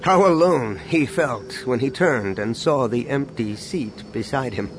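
A man reading a science-fiction novel aloud in measured scripted narration. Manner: measured, dropping low on sad lines. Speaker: audiobook narrator. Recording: steady background noise.

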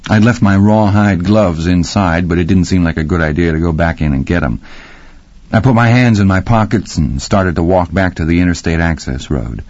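A man's voice: deep voice, moderate pace, a little mellow, no room sound. A man narrating a gritty first-person story with dramatic storytelling. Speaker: audiobook narrator. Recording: slightly muffled dry audio.

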